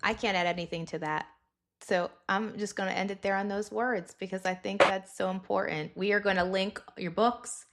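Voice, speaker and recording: A woman's voice: mid-range voice, steady tone, normal speed, heavy background noise. A woman hosting a podcast, upbeat and encouraging, wrapping up an interview and chatting to listeners. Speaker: podcast host.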